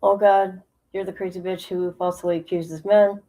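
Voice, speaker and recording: A woman giving blunt, sarcastic reaction commentary over a video, incredulous and quick to swear. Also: medium pitch, flat delivery, dark tone, low-quality recording. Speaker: reaction streamer.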